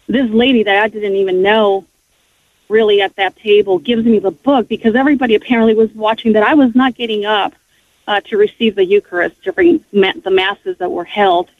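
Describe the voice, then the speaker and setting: A woman's voice: medium pitch, brisk, no room sound. A woman speaks earnestly and from the heart, sharing her personal faith story as a guest on a radio show. She often stops and restarts her sentences. The sound is thin and tinny, like a phone line, and completely dry. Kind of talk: emotional personal testimony.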